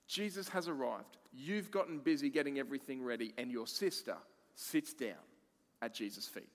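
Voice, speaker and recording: A man preaching a sermon as pastor, expressive, moving between emphatic lines and hushed ones. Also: medium pitch, moderate pace, big-room sound.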